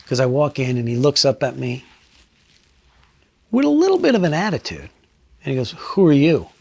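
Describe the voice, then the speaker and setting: A middle-aged retired state trooper from New Jersey telling a case story in an interview, blunt and profane, dropping low and quiet for emphasis. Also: male voice, huge pitch swings, moderate pace, vocal fry, no echo.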